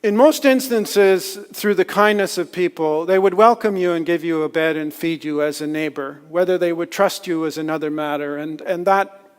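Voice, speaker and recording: Male speaker, slightly high voice, self-deprecating storyteller, long hall reverb. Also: normal speed, clear, resonant tone. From Canada. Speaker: conference speaker. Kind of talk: storytelling talk. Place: lecture hall.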